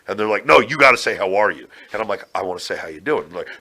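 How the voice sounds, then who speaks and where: A man's voice: lowish voice, quick pace, hardly any pauses. A man, a former pro wrestler, telling brash, profane stories as a podcast guest. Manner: brash, profane, animated storytelling. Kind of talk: casual interview chat.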